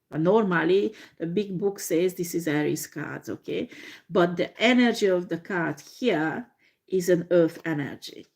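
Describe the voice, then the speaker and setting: A woman reading tarot in a slow, halting way, with many fillers and frequent laughter. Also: medium pitch. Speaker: tarot reader.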